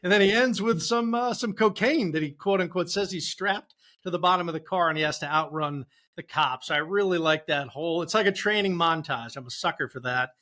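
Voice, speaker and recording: A man's voice: fairly high pitch, fairly quick, hardly any pauses, sharp tone. A man co-hosting a podcast, casually talking through favorite scenes and handing the floor to others. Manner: leads the talk, passes to guests. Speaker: podcast co-host. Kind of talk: casual movie chat.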